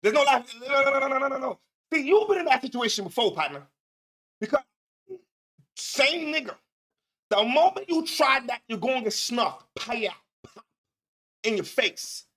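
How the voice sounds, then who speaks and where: High, bright-voiced man host. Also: sing-song, moderate pace, pauses often. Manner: laughing, profane, emphatic repetition. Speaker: show host. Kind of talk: reaction commentary.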